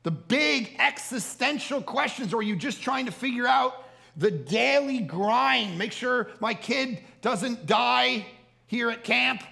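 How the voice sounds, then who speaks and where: A man preaching a storytelling sermon at a family camp, animated and prone to repeating words and restarting sentences. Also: very high voice, slow, gravelly, faint music behind. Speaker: camp speaker.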